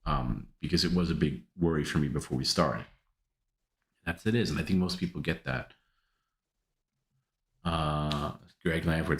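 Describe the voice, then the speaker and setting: Man, very low voice, casual live stream host, rambling chat, echoey room. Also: a bit bright. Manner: rambling, with many restarts and a quick laugh.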